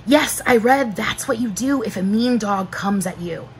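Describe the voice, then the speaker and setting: A woman reading aloud and voicing Jack, a cautious, bookish young boy, with urgent calls and hushed warnings. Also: medium pitch, expressive, normal speed, slight background noise, natural voice.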